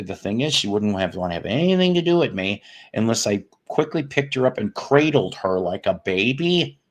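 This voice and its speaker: A low-pitched man in his fifties talks casually on a home live stream, his voice swinging widely up and down as he greets viewers. He jokes constantly, tossing off puns and salty asides. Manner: joking, punning, profane asides. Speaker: host of a live music stream. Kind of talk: casual live-stream chat reading comments.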